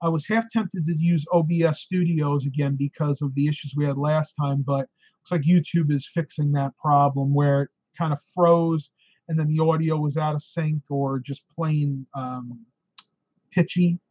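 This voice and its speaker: A man's voice: fairly high pitch, fairly even intonation, normal speed, darkish tone, dry recording, highs cut off. A man hosting a live stream, chatting casually and answering viewer questions, tired and losing his voice, with frequent ums and laughs.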